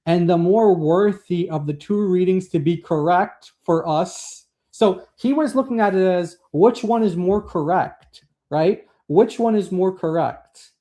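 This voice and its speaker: A co-host with a high-pitched, mellow voice keeps a measured pace with hardly any pauses. In a casual discussion, he reads quotes from a text and comments on them in a rambling way, full of fillers.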